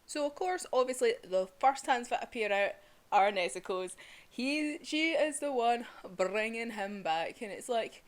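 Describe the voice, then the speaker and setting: Excitable young woman reviewing manga. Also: on the high side, unhurried. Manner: excitable, swearing, laughs often. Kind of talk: casual chat.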